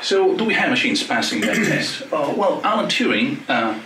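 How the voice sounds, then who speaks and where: Animated joking man in an echoey hall. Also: on the high side, noisy background. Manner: joking, animated, quick asides. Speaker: panel speaker. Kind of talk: academic talk. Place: lecture hall. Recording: echoey lecture hall from far off.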